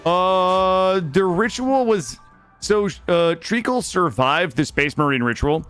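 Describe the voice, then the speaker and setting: Young male game streamer, playful and chatty, animated delivery, faint music bed. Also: high-pitched, slow, clear, resonant tone. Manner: playful, chats with viewers, swears casually. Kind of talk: casual gaming stream chat.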